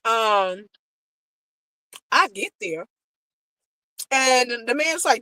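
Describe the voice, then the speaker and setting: Bright-voiced American woman telling a story. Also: on the high side, normal speed, pauses often, dry recording, low-quality recording. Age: adult, married. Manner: emotional, animated retelling, quotes people, talks to viewers directly. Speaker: vlogger telling a travel story. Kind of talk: casual storytelling to viewers.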